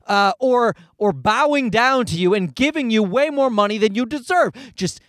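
A man's voice: sits high, animated, moderate pace, fairly bright tone, no room sound, studio quality. A man from Canada hosting a podcast, ranting in a casual, profane, worked-up way. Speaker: podcast host. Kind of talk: casual solo rant.

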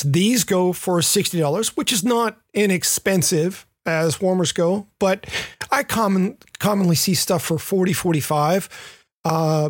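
Man, podcast co-host, casual gear talk, halting, self-deprecating, dry recording. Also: sits high, husky, dry recording. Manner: hesitant, self-deprecating, product pick delivery. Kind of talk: casual chat.

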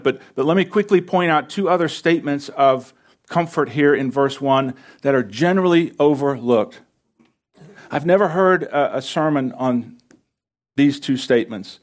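A man preaching an earnest sermon from a church stage, using repetition to drive his points home. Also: mid-range voice. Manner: earnest, builds emphasis through repetition. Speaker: pastor. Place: church stage under lights.

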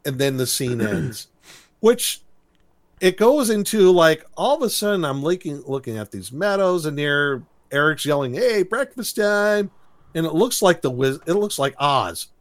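A man's voice: fairly high pitch, animated, normal speed. A man chatting casually on a podcast, retelling a cartoon episode with laughs and silly quoted voices. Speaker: podcast co-host recapping a cartoon. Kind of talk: casual chat.

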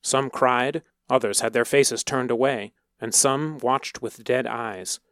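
A male storyteller reading with a measured, dramatic delivery at a mid pitch. The recording is close and dry, with no room sound. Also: steady tone, a bit bright, no room sound. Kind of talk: scripted narration.

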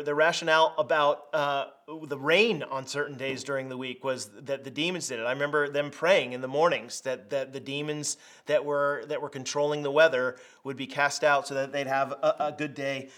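A middle-aged man preaching a conversational sermon, telling stories in a lively, plain-spoken way. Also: mid-range voice. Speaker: pastor.

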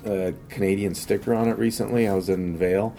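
A man in casual chat, joking and laughing quickly. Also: fairly low pitch, steady tone, dark tone, faint music behind. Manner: fast, jokey, quick laughs.

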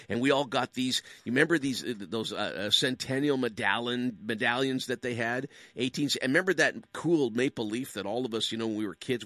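Lively Canadian man telling jokes. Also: mid-range voice, no echo. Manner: animated, jokey, full of rhetorical questions and asides. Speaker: public speaker. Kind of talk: humorous storytelling monologue.

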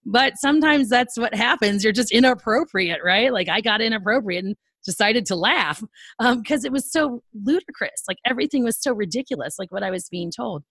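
A woman's voice: mid-range voice, a little fast, no room sound. A middle-aged woman, a podcast guest, telling a personal story in conversation, laughing often and acting out the dialogue. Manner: animated, laughing storyteller who acts out quoted dialogue.

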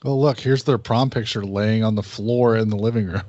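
A man's voice: lowish voice, steady tone, moderate pace, a little mellow, no room sound. Man, laid-back movie commentary, dry close sound, dull lo-fi. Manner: laid-back, narrating what's on screen. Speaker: podcast co-host.

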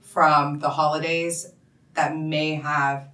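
A woman hosting a casual chat, eager and quick to agree with her guest. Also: sits low, level tone, fairly bright tone, recorded from a distance. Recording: roomy echo, voice a bit off-mic.

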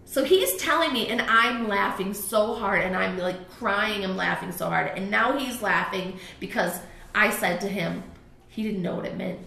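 A woman co-hosting a casual talk show, an animated storyteller who laughs often while she talks. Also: medium pitch, normal speed, vocal fry, roomy sound. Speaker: podcast co-host, parent. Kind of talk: casual chat.

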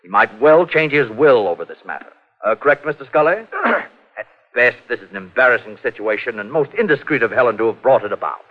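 A man's voice: mid-range voice, animated, fairly quick, natural voice. An actor playing a pompous, fussy male physician who talks at length, hemming and coughing, in 1940s radio acting. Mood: placating. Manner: pompous, long-winded, hemming with uhs and coughs. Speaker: doctor. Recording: muffled 1940s radio broadcast.

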